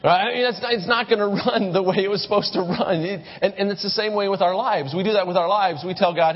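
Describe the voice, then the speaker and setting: A man's voice: high voice, fast, hardly any pauses. A male pastor preaching a sermon in a casual, conversational way, often repeating and correcting his words. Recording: lo-fi church recording with long reverb.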